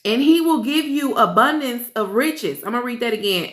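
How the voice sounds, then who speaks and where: This host has a fairly high, somewhat bright voice with lively intonation. Reading scripture with earnest emotion, she keeps pausing for offhand remarks to listeners, all captured with a roomy echo.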